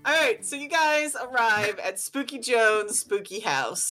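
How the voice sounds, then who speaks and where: Woman game master, slow, unhurried, lots of fillers. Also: on the high side, animated, sharp tone, soft background music. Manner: unhurried, many fillers and laughs. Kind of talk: narrating a tabletop game.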